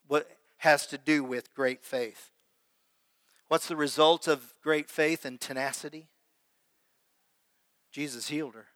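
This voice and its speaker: A man's voice: fairly high pitch, sharp tone. A man preaching a sermon as pastor, talking conversationally and putting questions to his congregation. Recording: long hall reverb.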